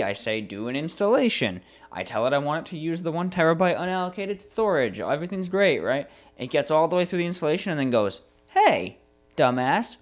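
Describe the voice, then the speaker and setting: Exasperated man telling a tech saga. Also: mid-range voice. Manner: animated, exasperated storytelling with frequent swearing. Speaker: podcast co-host. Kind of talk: casual storytelling chat.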